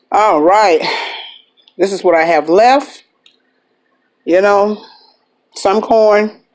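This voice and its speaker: A woman's voice: medium pitch, darkish tone. A woman hosting an eating vlog, chatty and upbeat, humming and burping between bites. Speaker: mukbang vlogger. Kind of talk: casual eating vlog chat.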